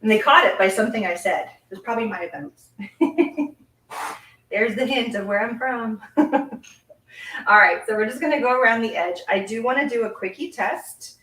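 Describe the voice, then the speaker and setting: A woman's voice: fairly high pitch, normal speed, pushed and bright, a little hiss or hum. A middle-aged woman from Canada hosts a casual card-making demonstration, chatting and giggling as she works. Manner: chatty, giggly, talks while working. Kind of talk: casual live craft demonstration. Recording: echoey room, mic set at a distance.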